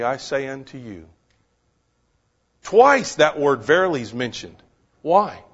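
Slow, emphatic preacher man. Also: high voice, fairly bright tone, breathy edge. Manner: emphatic, repeats words for stress, asks the listeners questions. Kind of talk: sermon. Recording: dull lo-fi recording.

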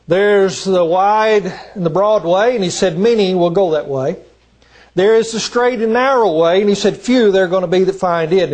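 A man preaching a sermon from the pulpit as a visiting gospel preacher, deliberate and emphatic, with frequent hesitant pauses. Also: high-pitched, darkish tone. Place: church.

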